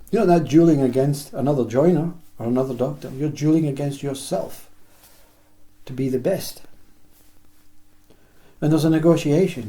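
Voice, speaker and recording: A man giving a reflective spiritual talk in slow, list-like phrases, often acting out small imagined dialogues. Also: a little high, mellow. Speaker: spiritual teacher.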